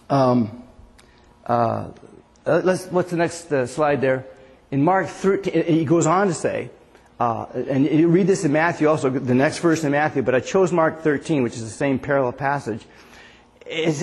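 A man's voice: fairly high pitch, darkish tone, long reverb tail. A man preaching a sermon in a rambling, conversational way, often asking the audience questions.

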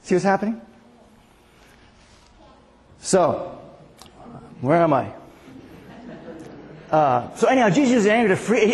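With a high voice and big pitch swings, the sixty-something pastor speaks slowly and leaves long pauses. His casual sermon is chatty storytelling riddled with restarts, recorded in an echoey hall.

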